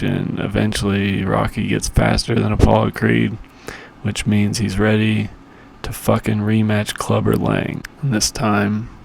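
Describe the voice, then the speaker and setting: Gravelly, profane man rambling through a recap. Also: fairly low pitch, slight background noise. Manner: rambling, profane, with loose quoted impressions. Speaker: podcast host reviewing movies. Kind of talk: crude comedic movie recap.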